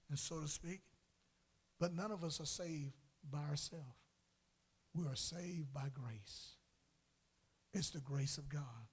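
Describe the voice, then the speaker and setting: A man preaching a sermon as pastor in a church, swinging from soft lines to loud, drawn-out calls. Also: on the high side, husky. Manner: preaching with sudden loud swells and drawn-out words. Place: church sanctuary.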